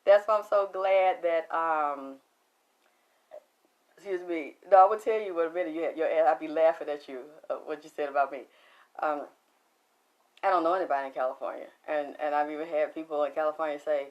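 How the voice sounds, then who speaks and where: A woman's voice: low-pitched, steady tone, a little fast, lo-fi sound. A middle-aged woman with a Southern Atlanta accent, chatting casually on a livestream, laughing often and talking back to viewer comments. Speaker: livestream host.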